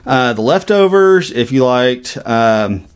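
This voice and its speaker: A man co-hosting a podcast, chatting casually about TV shows, rambling and correcting himself as he goes, his voice going a little hoarse. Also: mid-range voice, lively intonation, slow. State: losing his voice. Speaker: podcast co-host. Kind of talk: casual TV review chat.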